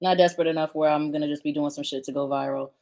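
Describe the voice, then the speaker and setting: Lower-pitched woman, cussing and sarcastic, reacting to a clip. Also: fairly even intonation, racing, dark tone. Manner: blunt, profane, sarcastic. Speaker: commentary host. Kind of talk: reaction commentary.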